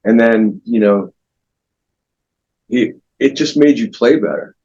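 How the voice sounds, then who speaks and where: A man being interviewed as a guest guitarist, telling long anecdotes in a rambling, relaxed way with many restarts. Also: mid-range voice, slow, husky, dull audio.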